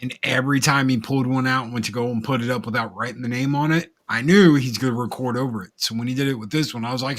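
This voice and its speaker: A man co-hosting a film podcast who tells anecdotes and slips into voices for quotes. His voice is bright and forceful at a middling pitch. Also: quick pace, few pauses. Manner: storytelling, acts out quoted voices. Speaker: podcast co-host. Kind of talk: casual film discussion.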